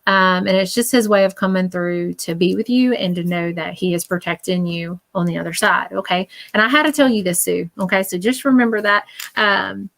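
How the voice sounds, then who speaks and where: A woman's voice: mid-range voice, brisk, gravelly, hardly any pauses, fairly bright tone. A woman psychic medium giving a live spirit reading in a chatty, reassuring way, full of fillers and check-ins.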